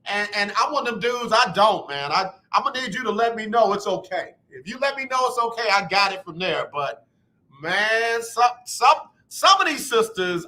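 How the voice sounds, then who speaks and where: Male radio host, casual talk, high bright voice, animated delivery. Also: normal speed. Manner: animated, acts out both sides of talks.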